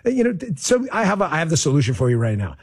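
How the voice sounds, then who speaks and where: A man hosting a political talk show, speaking with dripping sarcasm and lively emphasis, also reading ads. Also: a little high, rapid-fire, breathy edge. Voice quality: animated, sarcastic, lively delivery. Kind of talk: sarcastic political commentary and ad read.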